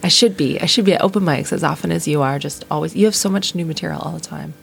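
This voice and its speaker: Low woman with a gravelly edge, chatty comic, faint hiss behind. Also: quick pace. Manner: opinionated, laughs often, acts out quotes. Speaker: comedian guest. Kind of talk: casual podcast conversation.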